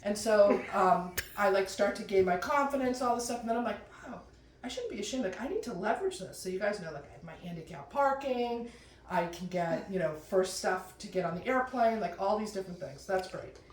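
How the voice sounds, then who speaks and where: A middle-aged woman doing stand-up storytelling in a chatty, animated way, jumping into high voices when she quotes people. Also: brisk, slight background noise. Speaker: comedian telling a personal story. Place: room with a live audience. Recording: roomy, distant mic with faint ambience.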